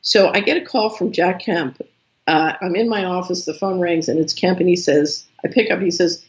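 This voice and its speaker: Animated woman telling a story. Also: on the low side, normal speed, highs cut off. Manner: animated storyteller who acts out quoted dialogue. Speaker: interview guest. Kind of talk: conversational storytelling interview.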